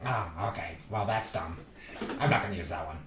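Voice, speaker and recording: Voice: mid-range voice, big pitch swings, moderate pace, vocal fry, sharp tone, roomy sound, slight background noise, heavily acted. A player voicing a small, chatty gatekeeper in a tabletop game, rambling and gossipy with lots of filler words. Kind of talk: tabletop role-play character voice.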